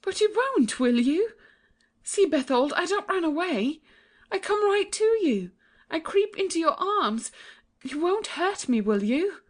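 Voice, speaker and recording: A woman voicing a gentle, trusting young princess in a dramatized audiobook, innocent and pleading. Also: very high voice, sing-song, measured pace, full character voice.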